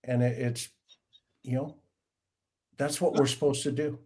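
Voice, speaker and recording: A man's voice: medium pitch, little pitch movement, unhurried, dark tone, slightly rough. A middle-aged man hosting a livestream panel chat, telling stories with enthusiasm and emphasis over a video call. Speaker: host.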